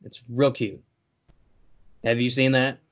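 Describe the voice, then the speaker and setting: A man's voice: medium pitch, level tone, takes it slowly. A young man co-hosting a podcast, chatting in a playful, jokey, rambling way. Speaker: podcast co-host. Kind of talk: casual chat.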